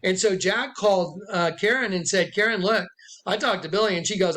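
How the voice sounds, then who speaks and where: High-voiced man giving emphatic testimony. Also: brisk, fairly bright tone. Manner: emphatic, repeats himself, acts out quotes in a raised voice. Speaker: self-styled prophet recounting a dispute. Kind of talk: rambling personal testimony to camera.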